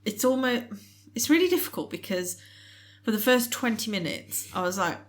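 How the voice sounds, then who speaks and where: Teary, halting woman co-host. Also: fairly high pitch, animated. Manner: emotional, teary, halting with many fillers. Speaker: podcast co-host. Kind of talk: casual chat.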